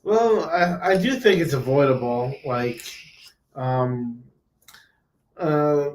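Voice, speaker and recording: A man joining a casual live discussion as a guest, who speaks haltingly with restarts. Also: on the high side, roomy sound, low-quality recording. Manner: hesitant, halting.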